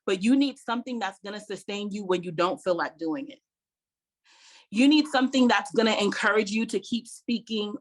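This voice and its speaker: A middle-aged woman giving an online public speaking workshop, talking conversationally, repeating key points with emphasis and laughing between them. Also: medium pitch. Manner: laughs between points, addresses viewers directly.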